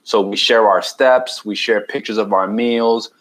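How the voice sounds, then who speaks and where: A man's voice: on the low side, steady tone, a little slow, a bit bright, rough recording. A man from New York with a New York accent, a guest on a podcast who explains things at length, restarting words and checking in with "right?". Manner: explanatory, repeats words and says "right?" often. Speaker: guest, keto challenge coach. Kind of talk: casual podcast conversation.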